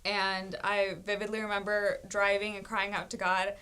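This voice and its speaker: A woman guest telling a personal faith testimony in a lively, storytelling way, often laughing and acting out what people said. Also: medium pitch, normal speed, clear, resonant tone. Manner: animated storytelling with frequent laughs and acted-out quotes. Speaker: guest sharing her testimony.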